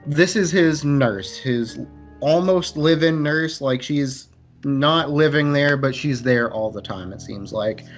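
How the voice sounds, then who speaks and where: A man's voice: fairly high pitch, takes it slowly, faint music behind. Laid-back male podcast co-host. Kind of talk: casual movie chat over beers.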